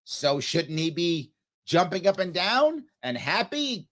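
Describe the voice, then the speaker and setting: Male talk-radio host, lively swooping delivery, slightly higher voice, asks and answers his own questions. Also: slow pace. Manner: storytelling with rhetorical questions. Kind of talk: political talk radio monologue.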